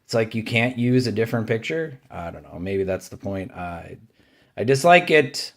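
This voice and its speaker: A man's voice: lowish voice, lively intonation, normal speed, fairly bright tone. A man hosting his own card-collecting video, giving casual running commentary as he opens packs and names each card, grumbling and cheering by turns. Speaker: card collecting channel host.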